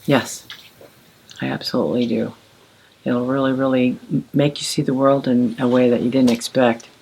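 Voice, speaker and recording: An older woman from Alaska, telling her story in an interview, thoughtful and unhurried with pauses. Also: a bass voice, level tone, gravelly, mellow, slight background noise. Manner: slow, thoughtful, with pauses and fillers. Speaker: interviewee sharing heritage.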